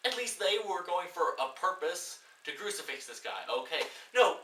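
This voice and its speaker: A man giving a sarcastic, profane comedy film review that builds into loud exasperated outbursts. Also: sits high, big pitch swings, normal speed, few pauses. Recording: roomy echo, distant mic, faint hiss.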